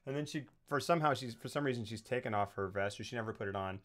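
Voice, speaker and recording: A man's voice: mid-range voice, fast talker. A man co-hosting a podcast, animatedly retelling a film's plot in casual chat and swearing freely. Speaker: podcast co-host. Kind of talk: casual movie-recap chat.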